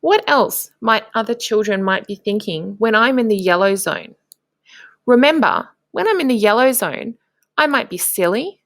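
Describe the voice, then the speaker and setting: A woman, a primary school teacher, narrating a lesson for young children in a slow, encouraging way with clear prompts to the class. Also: fairly high pitch, no room sound, studio quality.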